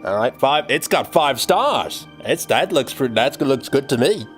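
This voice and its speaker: A man's voice: mid-range voice, animated, moderate pace, soft background music. A man livestreaming while he works, chatting casually and thinking aloud to his viewers. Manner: rambling, thinks aloud, talks to chat.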